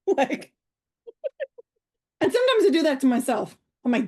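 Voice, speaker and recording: Brief: middle-aged woman, comedian guest, high voice, animated storyteller. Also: normal speed, pauses often. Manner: playful, acts out voices in her stories. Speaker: guest comedian and humor coach. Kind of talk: animated podcast chat.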